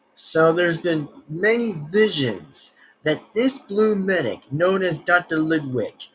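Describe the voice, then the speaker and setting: A man's voice: on the high side, a bit bright, a little hiss or hum, low-quality recording. A man hosting a reaction video, rambling and searching for words as he comments casually.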